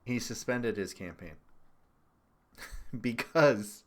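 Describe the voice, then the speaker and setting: A man's voice: medium pitch, drawn-out words, a bit bright. A young man doing casual livestream political commentary: sarcastic, profane, and laughing often.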